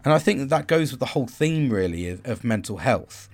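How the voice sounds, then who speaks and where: A man's voice: mid-range voice, lively intonation, a little fast. Rambling man musing on self-reflection. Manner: rambling, with frequent restarts and asides. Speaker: host. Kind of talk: reflective monologue.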